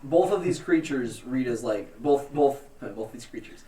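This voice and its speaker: A man narrating as game master, halting with many ums and restarts, recorded on a distant mic with faint noise. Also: medium pitch, expressive, warm tone, reverberant. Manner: hesitant, full of ums and restarts.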